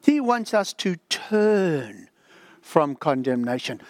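A man's voice: on the high side, big pitch swings, slow, no echo, studio quality. An older man preaching a sermon, dramatic and emphatic, sometimes dropping to a whisper. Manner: dramatic, drops to a whisper for the inner voice. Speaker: pastor.

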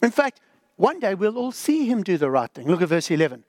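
Male preacher, emphatic and repetitive, lively swooping delivery, dry recording. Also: a little fast, dry recording. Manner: emphatic, repetitive, swooping between loud highs and hushed lows. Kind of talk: sermon.

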